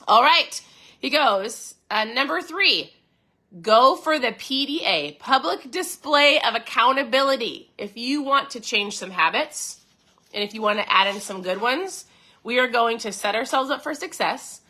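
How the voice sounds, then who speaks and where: A woman hosts her own podcast in a casual, upbeat talk, her voice bright and forceful and pitched a little high. She chats straight to her listeners and checks in with them often. Between those check-ins she reads passages from a book aloud and comments on them. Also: expressive, a little slow. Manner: addresses listeners directly with frequent check-ins. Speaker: podcast host.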